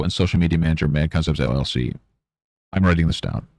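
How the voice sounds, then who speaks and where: Gravelly deep-voiced rambling young man. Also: quick pace, darkish tone, dry recording. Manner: rambling, sarcastic, mocks imagined interviewers in high voices. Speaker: streamer. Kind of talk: casual chat while painting.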